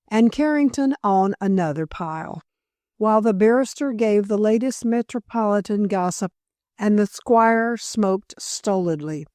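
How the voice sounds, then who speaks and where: A woman narrating a classic mystery novel in a measured, even storytelling manner. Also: mid-range voice, no echo, studio quality. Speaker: audiobook narrator. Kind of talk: scripted narration.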